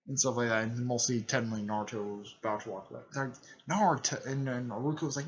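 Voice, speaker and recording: A man casually retelling a fan-made story, rambling with many fillers and self-corrections, and jumping into quick raised-voice impressions of the characters. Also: a bit bright, muffled recording. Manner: briefly raises his pitch to act out quoted lines.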